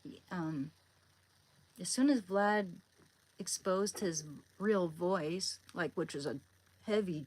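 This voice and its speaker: A woman's voice: medium pitch, expressive, takes it slowly, pauses often, darkish tone, a little hiss or hum, low-quality recording. A woman live streaming, chatting casually with viewers in a rambling, hesitant way, often searching for words.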